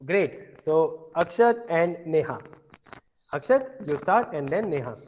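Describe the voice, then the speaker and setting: Here the man leading the French lesson speaks on the high side with lively intonation and a darkish tone, drilling each word slowly and patiently through repetition. There's a bit of hiss or hum, and the audio is poor overall.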